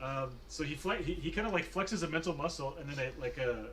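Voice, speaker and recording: A man's voice: fairly high pitch, a little fast, a bit bright, a little hiss or hum. A man narrating as game master of a tabletop game, rambling and hesitant with lots of fillers and laughs.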